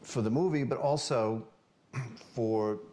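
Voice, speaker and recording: A man interviewing a guest on TV, asking questions haltingly with many restarts. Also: medium pitch, dark tone.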